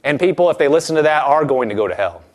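High-voiced man preaching a sermon. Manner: animated, acts out quoted voices, reads scripture slowly.

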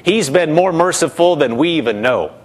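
Earnest fairly high-voiced male preacher. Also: lively intonation, normal speed. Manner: earnest, repeats words for emphasis, drops low for quoted doubts. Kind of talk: sermon.

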